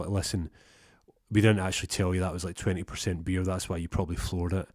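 Deep-voiced man telling a rambling story. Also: fast, no room sound, studio quality. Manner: rambling, deadpan, playing both sides of the conversation. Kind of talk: comic storytelling with acted-out dialogue.

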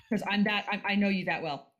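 A woman's voice: medium pitch, fairly even intonation, moderate pace, lo-fi sound. An American woman co-hosting a casual podcast, playful and teasing as she talks. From United States. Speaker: podcast co-host. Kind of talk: casual chat.

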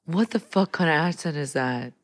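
A woman's voice: sits low, normal speed. A woman co-hosting a podcast, teasing and skeptical, firing off questions in casual banter. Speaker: podcast co-host.

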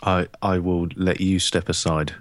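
A man's voice: low-pitched, little pitch movement, a little slow, dry recording. An English man co-hosting a podcast, rambling and laughing at himself in casual chat. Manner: laughing, rambling, self-mocking. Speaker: podcast co-host.

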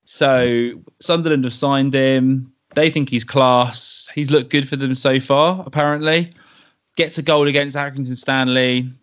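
A man's voice: mid-range voice, fairly even intonation, unhurried, fairly bright tone, smooth. A man hosting a casual football podcast, blunt and swearing, steering the talk between topics. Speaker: podcast host. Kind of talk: casual football fan chat.

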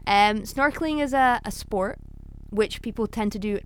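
A woman's voice: medium pitch, normal speed, slight background noise. A woman co-hosting a podcast, explaining things patiently in casual chat. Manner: explaining patiently, laughs easily. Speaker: podcast co-host.

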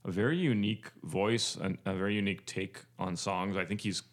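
A man's voice: sits low, fairly even intonation, fairly quick. A man co-hosting a podcast in casual chat, rambling with lots of fillers and jokes. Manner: rambling, filler-heavy, jokey. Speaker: podcast co-host.

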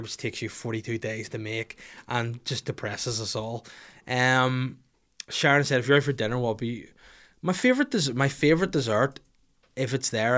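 Male podcast host, swears a lot, rambles and jokes through listener questions. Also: medium pitch. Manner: profane, rambling, jokey. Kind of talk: casual solo podcast answering listener questions.

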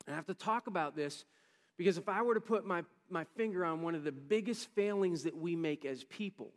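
A man's voice: high voice, in a large hall. A man preaching a sermon as a pastor, conversational and building to emphatic bursts.

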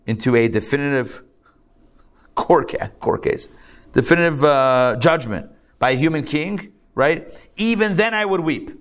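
Rabbi guy giving a live class, chatty and animated, lots of "right?" and rhetorical questions, medium voice. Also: medium pitch. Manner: lively, conversational, full of rhetorical questions and asides. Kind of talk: live lecture to a group. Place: live class in a synagogue learning center.

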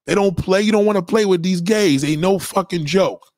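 A man's voice: high-pitched, moderate pace, darkish tone, no echo, clean studio sound. A man delivering a blunt, heated, profane rant to his followers, repeating his points. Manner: blunt, heated, repetitive, swearing. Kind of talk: profane ranting monologue to followers.

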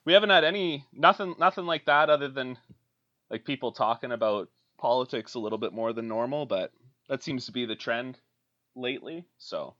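Podcast guest from Alberta, Canada: relaxed, profane, bright forceful tone, quick to laugh. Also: male voice, mid-range voice, muffled recording. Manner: laid-back, swears freely, laughs often. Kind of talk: casual chat.

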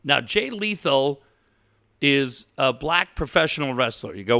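A middle-aged man co-hosting a radio talk show, telling animated stories and swearing casually. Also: medium pitch, unhurried. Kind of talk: casual chat.

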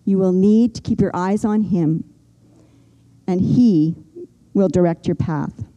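An older woman preaching a sermon, earnest and gentle, slowing down and pausing for emphasis. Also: mid-range voice, highs cut off. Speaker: pastor.

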